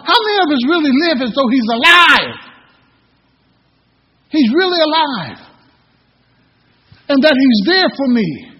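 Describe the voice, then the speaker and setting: A man's voice: very high-pitched, sing-song, a little slow, long pauses. A middle-aged man preaching a sermon as pastor, telling folksy personal stories between scripture readings. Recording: echoey hall, dull lo-fi sound.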